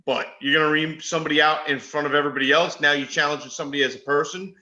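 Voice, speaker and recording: A man's voice: fairly high pitch, steady tone, racing, sharp tone. A man co-hosting a casual sports podcast who talks in a heated, blunt way and curses. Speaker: podcast co-host. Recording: echoey room.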